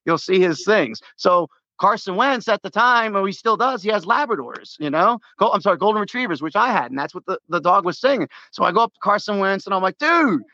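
A middle-aged American man calls a sports radio show and tells a long, rambling story, restarting often and laughing as he goes. His voice is high and brisk with few pauses, and the recording is muffled with no room sound.

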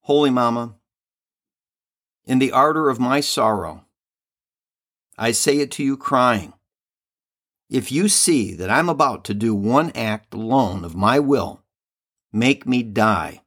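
A man's voice: medium pitch, expressive, slow pace, long pauses, fairly bright tone. A man reading the part of a devoted soul making a fervent, pleading vow in a devotional reading.

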